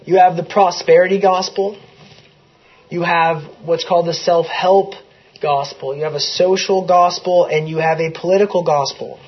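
A man's voice: sits high, steady tone, moderate pace, slightly rough, lo-fi sound. A man preaching, telling a story conversationally and acting out both sides of the dialogue. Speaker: pastor. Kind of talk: sermon.

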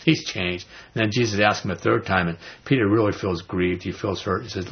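Low gravelly man leading a Bible study. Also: fairly quick, hardly any pauses. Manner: conversational, rambling, frequent "you know" and "okay?". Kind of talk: informal Bible teaching. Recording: dull lo-fi recording with faint noise.

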